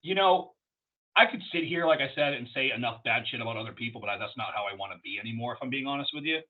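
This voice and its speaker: Brief: rapid, husky male storyteller, crude and rambling, on dull lo-fi audio. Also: mid-range voice. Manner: profane, rambling, animated storyteller. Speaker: wrestler guest. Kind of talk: casual storytelling interview.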